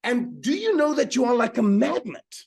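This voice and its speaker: A man's voice: very high voice, big pitch swings, moderate pace, vocal fry, darkish tone, breathy edge. A man leading a live online motivational seminar as a mind power teacher. He talks with energy, repeats his key lines for emphasis and keeps asking the audience to answer in the chat.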